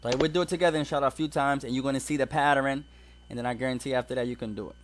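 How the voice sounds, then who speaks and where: A man's voice: mid-range voice, steady tone, rapid-fire, a little hiss or hum. A man teaching an Arabic grammar class, explaining step by step and mixing English with Arabic examples.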